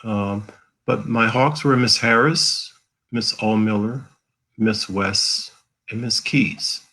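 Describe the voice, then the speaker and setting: A man from the American South, a guest author telling personal stories in an earnest, halting way, with many fillers, over a video call. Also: on the low side, pushed and bright, poor audio. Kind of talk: emotional personal storytelling.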